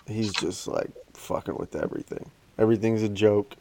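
Laughing storytelling dad, casual swearing. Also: male voice, lowish voice, normal speed, gravelly, few pauses, mellow. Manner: swearing, laughing storyteller who acts out his kids. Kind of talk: casual chat.

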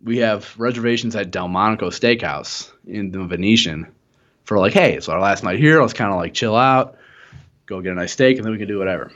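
A young man co-hosting a casual podcast tells a long, wandering story, swearing freely and laughing a lot. His lowish voice is brisk and a bit bright, and the audio is slightly muffled and lo-fi.

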